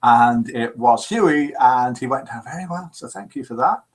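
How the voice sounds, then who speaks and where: A man runs a live call-in show in a jokey, lively style, chatting and reading listener messages aloud. His voice sits at medium pitch and moves at normal speed.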